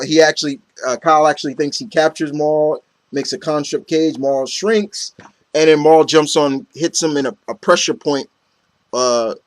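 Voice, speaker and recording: A man's voice: fairly high pitch, no echo. A man casually recapping a comic book story, rambling with lots of fillers and acting out the characters' lines. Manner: rambling, heavy on fillers, acts out quotes.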